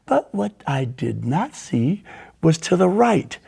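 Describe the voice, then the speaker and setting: A man hosting a podcast, telling animated anecdotes in a casual storytelling style and throwing in sound effects. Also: fairly high pitch, slow, vocal fry, breathy edge. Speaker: podcast host.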